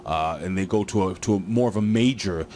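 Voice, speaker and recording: A man's voice: low voice, fairly quick, darkish tone, a little hiss or hum. A man casually recapping a wrestling show, rambling with lots of fillers and joking asides.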